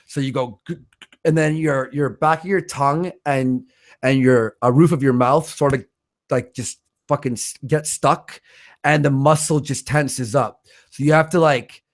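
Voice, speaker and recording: A man hosting a livestream, reading out donations in blunt, swear-heavy casual chat, with a stutter and a voice roughened by smoking. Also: mid-range voice, fairly even intonation, measured pace. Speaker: livestream host.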